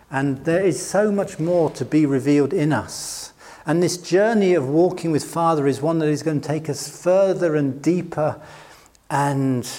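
A man's voice: on the high side, warm tone. A middle-aged British man preaching a sermon, with a conversational, self-deprecating manner and frequent laughs. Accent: British English. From Britain. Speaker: pastor.

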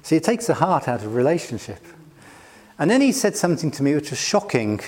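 This British man, a middle-aged pastor, preaches briskly in a slightly high, sing-song voice with a darkish tone. He keeps things chatty and pokes fun at himself, breaking into frequent laughter.

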